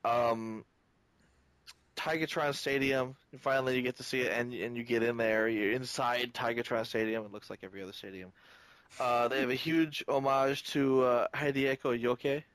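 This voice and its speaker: A man co-hosting a podcast in casual chat, animated and fond of acting out quoted lines. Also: medium pitch, normal speed, clear, resonant tone, no echo. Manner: animated, hops into quoted voices. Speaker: podcast co-host.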